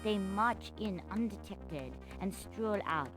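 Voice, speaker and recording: A woman's voice: medium pitch, expressive, takes it slowly, poor audio. A woman voicing a stern town mayor in a video game, speaking in a put-on French accent, clipped and urgent, over game music.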